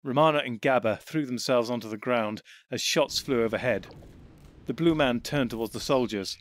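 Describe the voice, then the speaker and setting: A man narrating an audiobook in an even, steady storytelling voice on a close mic. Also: mid-range voice, moderate pace.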